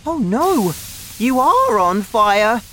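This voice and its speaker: A woman doing a high, eager young boy. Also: sing-song, slow pace, a little hiss or hum. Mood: worried. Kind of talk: storybook reading.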